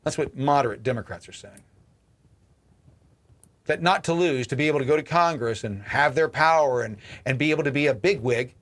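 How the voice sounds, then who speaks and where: A man's voice: a little high, a bit bright. A man hosting a political livestream, ranting angrily and cursing, often repeating words and restarting sentences. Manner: angry, profane, repeats and restarts. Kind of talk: ranting commentary.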